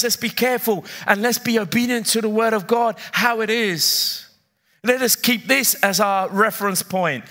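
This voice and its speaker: Middle-aged guy pastor preaching in church, high bright voice, punchy and repeats himself, keeps asking the crowd stuff. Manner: emphatic, repeats key phrases, asks the congregation questions. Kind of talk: sermon.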